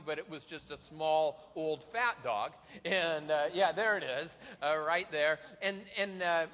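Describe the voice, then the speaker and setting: Bright high-voiced pastor in a reverberant hall. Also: male voice. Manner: self-deprecating storyteller, laughs often. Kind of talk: humorous Easter sermon. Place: large church hall.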